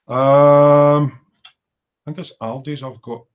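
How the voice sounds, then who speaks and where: A man's voice: fairly high pitch, slow pace. A middle-aged man chatting casually and rambling as he hosts a livestream from his home workshop, reading out viewer comments as he works. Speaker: livestream host. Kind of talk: casual chat while working.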